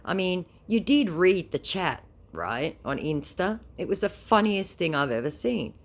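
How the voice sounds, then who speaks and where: A woman's voice: on the low side, sing-song, measured pace. A woman recapping a chat with a scammer in a sarcastic, teasing way. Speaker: scam baiter.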